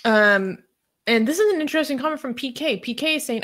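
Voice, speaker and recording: A woman's voice: high-pitched, expressive, a little fast, a bit bright. A woman co-hosting a casual talk show, reading out viewer comments in a light, easygoing way. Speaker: co-host.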